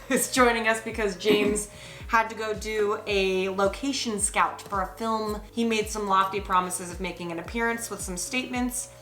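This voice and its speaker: A woman's voice: medium pitch, steady tone, normal speed, a bit bright. Sarcastic, profane woman hosting a recap. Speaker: vlog host recapping a dating show. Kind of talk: casual chat. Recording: echoey room with faint music.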